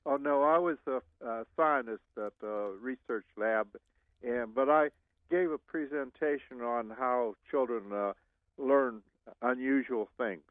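Older guy calling a radio show, grateful, kinda halting, dry sound. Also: medium pitch, no room sound, phone-quality sound. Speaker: caller, retired scientist. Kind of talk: call-in radio chat.

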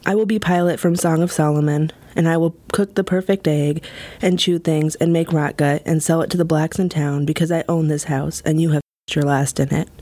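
A woman's voice: deep voice, no echo. Wry woman reading spoken-word poetry. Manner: wry, deadpan humor, measured delivery. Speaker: poet performing her own work.

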